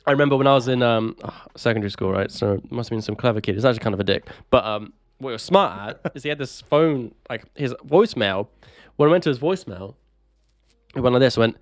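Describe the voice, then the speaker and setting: A man from England co-hosting a podcast, chummy and teasing, quick to laugh. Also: medium pitch, no echo, studio quality. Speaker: podcast co-host. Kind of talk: casual banter.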